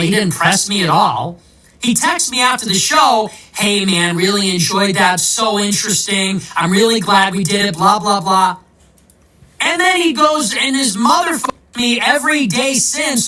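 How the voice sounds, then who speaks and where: A man's voice: sits high, bright, forceful tone, recorded from a distance, poor audio. A man, a political commentator, delivering a combative, sarcastic ranting monologue.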